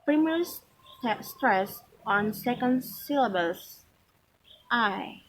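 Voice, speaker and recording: A woman reading a pronunciation lesson aloud from a textbook, slow and careful, with restarts and small slips. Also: fairly high pitch, expressive, fairly bright tone, low-quality recording. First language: Malay.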